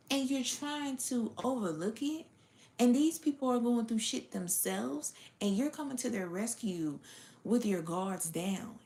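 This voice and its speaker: A woman's voice: on the high side, darkish tone. A woman giving a casual spiritual reading to her audience, blunt and profane, sometimes dropping to a whisper. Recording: roomy echo.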